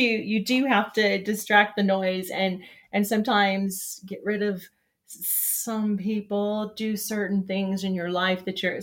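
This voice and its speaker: A woman's voice: medium pitch, a bit bright. Rambling upbeat woman hosting a show. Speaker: livestream show host. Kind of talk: casual chat.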